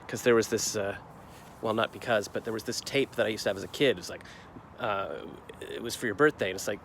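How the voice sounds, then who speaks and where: A man's voice: lowish voice, fast, a bit bright. A man in his forties recapping his day in a rambling, reflective vlog, full of fillers and restarts. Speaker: vlogger. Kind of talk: casual daily vlog recap. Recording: faint street noise outdoors.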